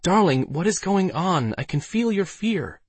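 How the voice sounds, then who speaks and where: A man voicing a loyal young woman who is a demon familiar, in a husky raised voice for an audiobook. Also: high voice, very animated, a little slow, no echo, pitched above the performer's own voice, exaggerated voice. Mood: worried.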